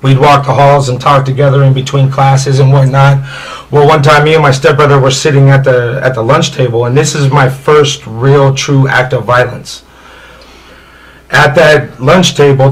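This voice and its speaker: A man's voice: mid-range voice, rough recording. A man from Indiana telling his life story as an interview guest, rambling and candid, with many "you know" fillers.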